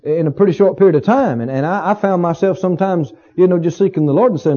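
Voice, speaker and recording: A man's voice: sits high, fast, few pauses, dark tone, breathy edge. A male pastor preaching a sermon in a folksy, emphatic way, often repeating his phrases for weight. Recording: dull lo-fi recording.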